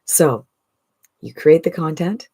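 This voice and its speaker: A woman in her sixties giving an enthusiastic, persuasive direct-to-camera sales pitch as an online business coach, often asking "right?". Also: takes it slowly, warm tone, husky. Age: 60s.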